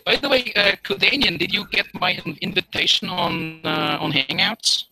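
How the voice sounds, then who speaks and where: Brief: crude heckling male guest, high gravelly voice, crowd noise behind. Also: lively intonation, moderate pace, rough recording. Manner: profane, loud and heckling. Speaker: call-in guest. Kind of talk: crude live group call.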